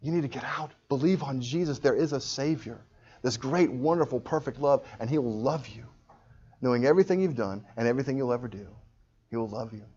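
A man's voice: medium pitch, a little fast, breathy edge. Impassioned male preacher, muffled recording. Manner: impassioned preaching with sudden loud swells. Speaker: pastor. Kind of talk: sermon.

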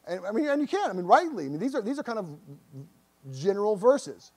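Earnest high-voiced male pastor preaching. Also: very animated, fast talker, a little mellow. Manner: earnest, repeats words, pleading questions to the congregation. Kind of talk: sermon. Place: church.

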